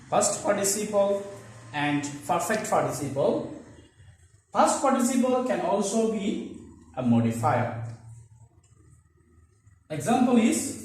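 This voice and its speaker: A man teaches an online English grammar class in a high voice. He speaks slowly, repeats every example sentence and restarts words as he goes. He is recorded from a distance in a very echoey room. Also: darkish tone. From Bangladesh. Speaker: English lecturer. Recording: echoey room, far from mic.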